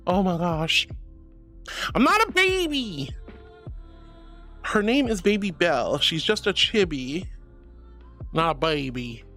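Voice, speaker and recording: A woman's voice: medium pitch, a bit bright. Bubbly woman streamer with a bouncy, swooping voice and light music underneath. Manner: bubbly, giggly, affectionate. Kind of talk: casual chat, reading chat aloud.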